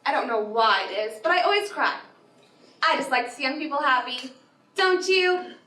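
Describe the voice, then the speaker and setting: A woman's voice: high-pitched, animated, normal speed, bright, forceful tone. A girl playing a gushing, chatty wedding guest. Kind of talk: high school stage play. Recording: echoey auditorium from far off, noisy.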